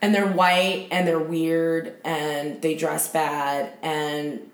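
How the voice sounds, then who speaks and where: A woman comedian chatting as a podcast guest, animated and often laughing as she tells stories. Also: sits low, drawn-out words, roomy sound. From United States. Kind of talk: casual chat.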